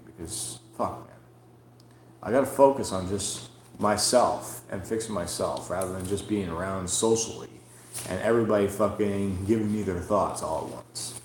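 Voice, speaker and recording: Solo podcast host, male, slow and profane, roomy home echo. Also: fairly low pitch. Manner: profane, rambling and frustrated. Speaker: comedian hosting a podcast. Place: room at home. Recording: roomy echoey room.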